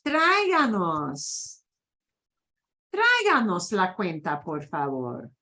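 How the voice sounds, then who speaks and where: A woman's voice: on the low side, wildly swooping pitch, takes it slowly, pushed and bright. A woman teaching a beginners' Spanish class, patiently repeating phrases for her students to echo.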